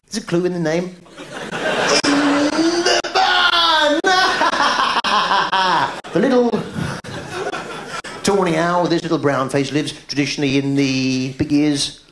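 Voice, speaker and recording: An English man doing live stand-up comedy, reeling off absurd non sequiturs in a bouncy, sing-song way, with a quizzical "hmm?" between jokes and sudden high shouts. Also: normal speed. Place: large theatre stage. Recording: roomy theatre sound from an old video tape, with noise. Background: audience laughter.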